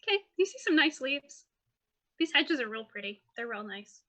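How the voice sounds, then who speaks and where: A woman's voice: high-pitched, very animated, moderate pace, bright, forceful tone. A woman running a tabletop game as game master, narrating scenes in a playful, descriptive way. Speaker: dungeon master.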